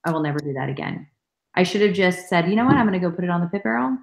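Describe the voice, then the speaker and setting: A woman's voice: lowish voice, expressive, very fast, vocal fry, roomy sound, poor audio. A woman in her thirties co-hosting a live stream, telling a story in a chatty, casual way. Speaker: co-host.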